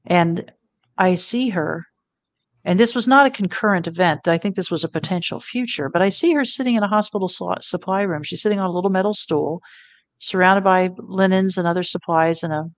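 A woman's voice: lowish voice, brisk, no echo. A middle-aged woman telling a personal story as an interview guest, earnest and reflective. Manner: earnest, reflective, quotes her own thoughts.

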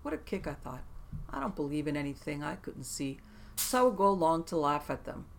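A narrator giving a steady, measured scripted reading of true scary stories, sinking to a hushed tone at eerie moments. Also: mid-range voice, gravelly.

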